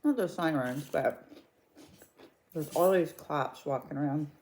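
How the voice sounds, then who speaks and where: A woman vlogger retelling a story to her viewers in a chatty, gossipy way. Her voice is low and mellow, and she talks with relaxed warmth. She reacts freely as she tells it. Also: unhurried. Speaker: mukbang vlogger. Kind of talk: casual storytelling.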